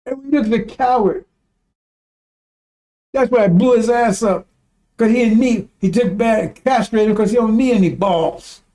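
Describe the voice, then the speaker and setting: A man's voice: high voice, normal speed, pauses often, dark tone. A man giving a rambling, emphatic religious talk, swearing when he gets worked up. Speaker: religious teacher. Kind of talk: informal religious teaching.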